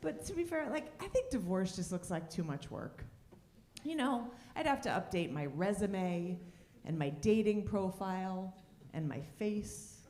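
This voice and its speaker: A woman's voice: mid-range voice, very animated, a little slow, warm tone. Sardonic woman comic in a roomy club. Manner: sardonic, dry punchlines. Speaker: stand-up comedian. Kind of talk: stand-up comedy set. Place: comedy club stage.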